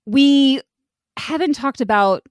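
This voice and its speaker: Laid-back female podcast co-host, slightly high voice, dry and close, swears casually. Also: takes it slowly, no echo. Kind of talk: casual chat.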